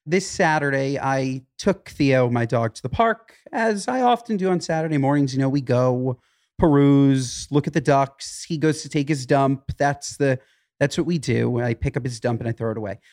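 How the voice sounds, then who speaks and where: A man's voice: mid-range voice, normal speed. A man co-hosting a podcast, telling an anecdote in casual chat and acting out the people in it. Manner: animated storyteller, voices the people in his stories. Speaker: podcast co-host.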